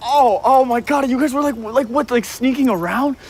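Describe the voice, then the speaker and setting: A young actor playing an outraged teenage older brother, shouting in disbelief in a TV drama scene. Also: male voice, very high voice, moderate pace, husky, heavily acted. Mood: shocked. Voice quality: shouting, incredulous. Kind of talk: TV drama acting.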